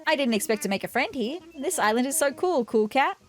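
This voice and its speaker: A woman's voice: high voice, expressive, fairly quick, voice pushed up. A woman reading aloud the lines of a laid-back young male lion villager in a video game, breezy and easygoing.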